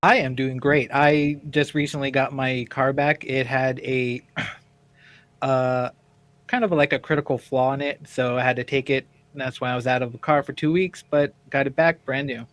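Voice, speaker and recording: A man's voice: mid-range voice, steady tone, moderate pace, a bit bright, dry recording. Laid-back co-host guy, mid voice, dry close sound. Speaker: radio co-host. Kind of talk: casual chat.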